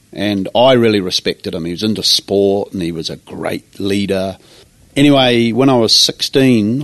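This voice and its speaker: Man, New Zealand accent, pastor, earnest storytelling, low voice, dry sound. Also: dry recording. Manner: earnest, animated when acting out his younger self. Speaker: pastor, guest. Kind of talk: personal storytelling.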